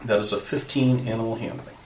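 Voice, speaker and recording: A man's voice: lowish voice, steady tone, fast, background noise. A man playing a tabletop game, casually explaining his character's plans. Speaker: player. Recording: echoey room, away from the mic.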